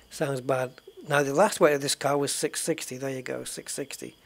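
A man hosting a let's play, quietly thinking aloud as he checks documents in a game. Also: mid-range voice, steady tone, normal speed, gravelly, slight background noise. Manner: quiet, muttering thoughts aloud. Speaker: gaming channel host.

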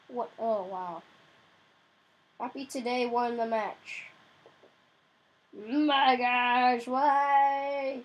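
Excitable young female gamer, husky. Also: a little high, extremely slow, pauses often, muffled recording. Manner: excitable, yelps and cries out in frustration. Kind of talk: casual gameplay commentary.

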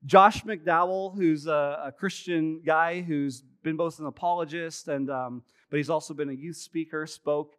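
A man's voice: on the high side, fairly even intonation, measured pace, hardly any pauses, a bit bright, clear, resonant tone. A man in his thirties preaching a sermon to his congregation, telling stories in a chatty way with self-deprecating humor. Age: 30s. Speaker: pastor. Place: church sanctuary, live service.

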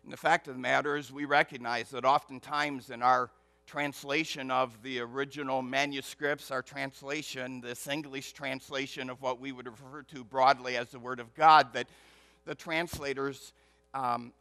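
Forceful, emphatic male pastor preaching. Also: mid-range voice, flat delivery, moderate pace, no room sound. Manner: emphatic, swings between loud stresses and hushed asides; rhythmic repetition for emphasis. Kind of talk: sermon.

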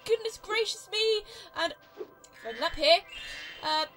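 A woman's voice: extremely high pitch, measured pace, a bit bright, faint music behind, poor audio. A young British woman hosting a let's play, chatty and giggly, rambling through casual gameplay commentary. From Britain.

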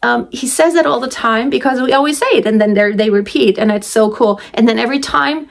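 A woman's voice: a little high, fairly quick, gravelly. A woman talking casually to camera as a vlogger and mother of twins, chatty and rambling, often restarting and laughing.

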